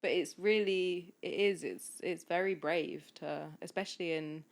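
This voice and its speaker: A woman speaking as a podcast guest, a coach talking in a soft, flowing, earnest way with many fillers. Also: lowish voice, steady tone, normal speed, gravelly. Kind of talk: casual podcast conversation.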